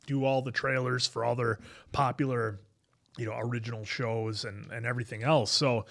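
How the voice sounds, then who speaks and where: A man's voice: medium pitch, fairly even intonation, normal speed, creaky, fairly bright tone. A man co-hosting a podcast, chatting casually in a rambling way and reading viewer messages aloud. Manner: rambling, reads viewer super chats aloud. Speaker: podcast co-host. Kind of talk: casual chat.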